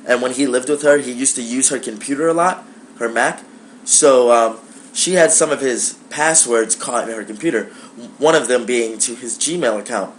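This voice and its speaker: A young man telling a personal story to camera in a casual, profane, animated way, acting out the dialogue. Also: mid-range voice, normal speed, a little hiss or hum.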